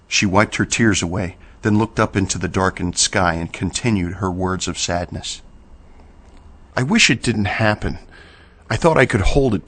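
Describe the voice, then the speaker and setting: A man reading a horror story aloud in a slow, measured storytelling manner. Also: lowish voice, a bit bright. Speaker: narrator. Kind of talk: scripted horror narration.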